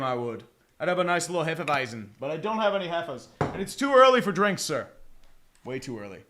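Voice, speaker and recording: A man's voice: fairly high pitch, sing-song, a little fast, fairly bright tone. A man calling play-by-play in a casual style, breaking into jokey, mumbled asides between plays. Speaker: play-by-play commentator.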